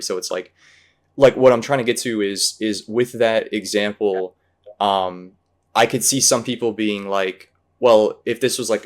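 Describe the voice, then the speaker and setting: A man hosting a casual movie discussion, rambling and hesitant, full of fillers and restarts. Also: on the low side. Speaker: podcast host.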